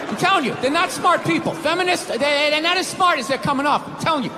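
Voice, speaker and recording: A man doing a profane stand-up set on stage, shouting and laughing at his own jokes. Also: extremely high pitch, fast. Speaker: stand-up comedian. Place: large venue with live crowd. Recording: echoey live hall with crowd noise.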